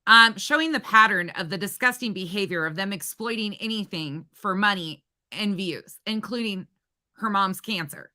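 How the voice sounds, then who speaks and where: A woman hosting a heated livestream with a piercing, very bright voice. She rants with profanity and talks straight at the people she is calling out. She hammers her points home by repeating phrases. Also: mid-range voice, normal speed. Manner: profane, confrontational ranting. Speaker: livestream host.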